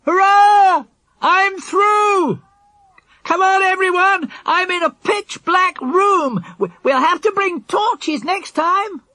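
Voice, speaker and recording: A man voicing a lively, eager schoolboy in an audiobook, cheerful and exclaiming. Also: high-pitched, moderate pace, husky, no echo, pitched above the performer's own voice, heavily acted. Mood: shouting. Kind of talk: audiobook character voice.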